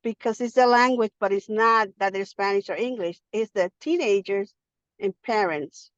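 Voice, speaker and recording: Hurried woman calling in from her car. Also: mid-range voice, no room sound, dull audio. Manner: hurried, halting with restarts. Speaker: director of religious education. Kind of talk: casual call-in sharing. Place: car while driving.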